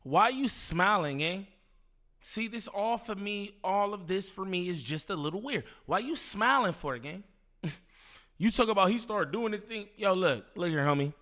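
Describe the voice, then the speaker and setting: Casual male reaction host, slangy and disbelieving, slightly high pitch. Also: animated, moderate pace, bright, forceful tone. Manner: incredulous, slangy, repeats himself, laughs. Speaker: commentary host reacting to a clip.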